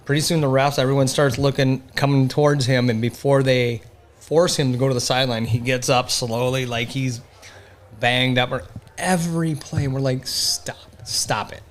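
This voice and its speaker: A man's voice: mid-range voice, steady tone, normal speed. Emphatic man ranting on a podcast. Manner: emphatic, trails off and restarts when worked up. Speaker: podcast co-host. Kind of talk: casual chat.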